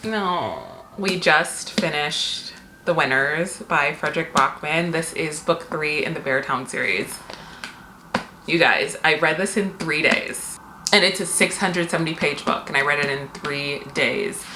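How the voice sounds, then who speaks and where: A Seattle vlogger in her thirties chats candidly in a deep, unhurried voice, swearing and laughing easily. She records casually at home on her camera mic rather than an external one, so the room echoes with faint noise.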